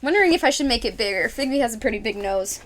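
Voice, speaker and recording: A woman's voice: a little high, lively intonation, racing, fairly bright tone, slight background noise. A woman hosting a casual craft livestream, chatting to viewers and talking herself through each step with frequent laughs. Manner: speaks to viewers in chat. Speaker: livestream host.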